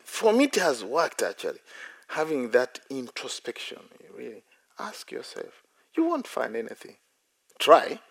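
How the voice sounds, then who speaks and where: A Buddhist monk teaching at a meditation retreat, his voice gravelly and full of lively rises and falls. He talks in a playful, self-deprecating way, chuckling often as he tells stories from his own practice. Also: mid-range voice. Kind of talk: dharma talk at a meditation retreat.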